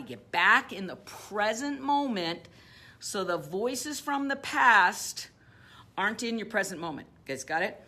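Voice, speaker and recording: Woman motivational business coach, emphatic and repetitive, slightly husky tone. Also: medium pitch. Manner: emphatic, repeats phrases, slows to a soft guided visualization.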